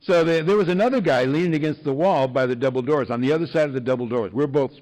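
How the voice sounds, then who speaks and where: A man's voice: a little high, fast talker, darkish tone, low-quality recording. A man sharing his recovery story with an audience in a wry, self-mocking way, full of fillers and chuckles.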